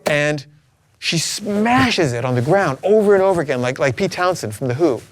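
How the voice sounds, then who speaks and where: A man's voice: fairly high pitch, animated, moderate pace, over loud music. A middle-aged man telling a personal story in a rambling, anxious way full of fillers. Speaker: filmmaker recounting his life.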